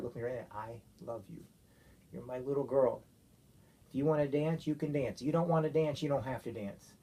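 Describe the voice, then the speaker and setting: Husky earnest father. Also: medium pitch. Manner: gentle, earnest, repeats okay often. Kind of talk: heartfelt talk to his child.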